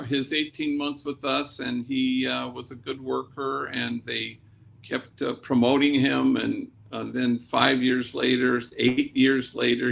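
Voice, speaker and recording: Priest, man, lively storyteller with a gravelly edge and Spanish asides. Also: mid-range voice. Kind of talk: storytelling talk.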